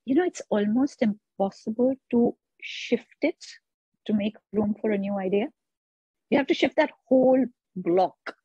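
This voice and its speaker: Husky-voiced woman. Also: mid-range voice, unhurried, warm tone, no room sound. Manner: earnest, quotes others in mock voices. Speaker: interview guest, author on sexuality. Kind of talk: reflective interview talk. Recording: dull lo-fi sound.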